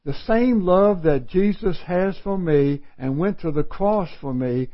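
Slow-talking folksy preacher man. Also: sits high, animated, highs cut off. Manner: folksy, self-mocking, laughs often. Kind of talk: sermon.

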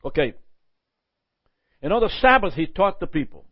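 Man, pastor teaching scripture, lively sermon delivery, fairly high voice, dull dry lo-fi sound. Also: moderate pace, no echo. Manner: lively, asks the listeners "Amen?" and chuckles. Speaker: pastor teaching a Bible lesson. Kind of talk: sermon-style Bible teaching.

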